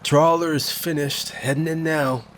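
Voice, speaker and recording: A man's voice: fairly high pitch, fairly even intonation, a little slow, slight background noise, voice pushed up, lightly acted. A man voicing a young-to-middle-aged lake patrol officer who calls out in short, urgent bursts in a storybook. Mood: reporting.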